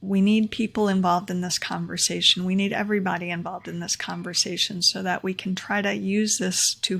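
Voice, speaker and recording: Earnest woman with a gravelly edge. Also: fairly low pitch, a bit bright. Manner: earnest, repeats key points for emphasis. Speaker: vlogger sharing talk takeaways. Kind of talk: casual explainer monologue. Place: home room near a window.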